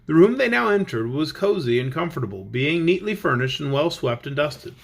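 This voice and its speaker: A man reading a children's book aloud, with lively storybook narration. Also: fairly high pitch, fairly quick, creaky. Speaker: audiobook reader.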